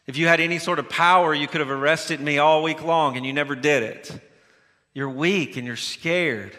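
A preacher acting out a stern grown man scolding a band of armed men, his voice high and bright as it mocks them with sharp sarcasm. The taunts ring out through a hall with a long echo. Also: normal speed. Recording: long reverb of a large hall.

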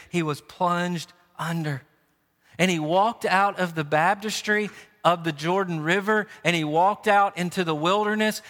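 A man's voice: high voice, sharp tone. A male pastor preaching an impassioned sermon, pressing rhetorical questions on his listeners. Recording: long church reverb.

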